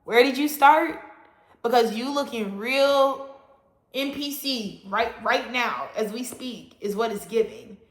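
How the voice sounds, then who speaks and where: A woman with a fairly high voice rants bluntly at her viewers, profane and animated, punching her words. Her voice rings around an echoey room. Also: takes it slowly. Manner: blunt, profane and animated, with frequent loud emphasis. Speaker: astrology vlogger. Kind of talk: casual ranting monologue.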